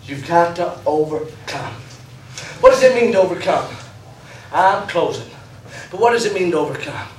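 A man preaching a revival sermon in a church, breaking into laughing, shouting bursts. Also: sits high, animated, normal speed, a little hiss or hum. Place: church sanctuary. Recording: roomy echo from far off. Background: congregation calling out.

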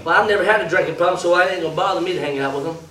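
High-voiced preacher shouting praise. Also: male voice, very fast, a little hiss or hum. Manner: exclaiming, laughing, shouting bursts. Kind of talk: revival sermon. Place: church sanctuary. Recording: roomy echo from far off. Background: congregation calling out.

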